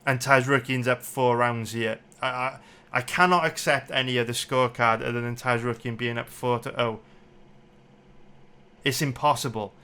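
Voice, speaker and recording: Speaking at a moderate pace in a medium-pitched voice, the MMA betting analyst sounds smooth, pushed, and bright, with fairly even intonation. He angrily dissects the fight round by round, swearing and repeating himself as his temper rises.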